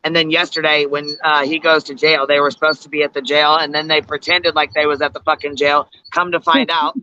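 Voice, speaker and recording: A man's voice: a little high, flat delivery, brisk, pushed and bright, slight background noise. A man in casual, profane live stream chat, ranting in a heated, indignant way. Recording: lo-fi stream audio.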